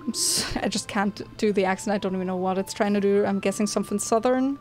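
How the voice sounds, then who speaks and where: A woman's voice: mid-range voice, fast talker, a little mellow. A young woman hosting a gaming channel, giving chatty, amused commentary as she plays. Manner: chatty, amused asides with laughs. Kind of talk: casual gameplay commentary.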